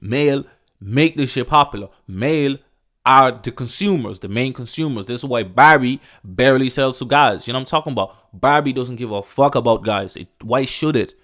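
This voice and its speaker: A man hosting a podcast rants loosely at normal speed, his medium-pitched voice a bit bright. He rambles, restarts his sentences, swears with emphasis, and keeps dropping "bro" and "you know what I'm saying."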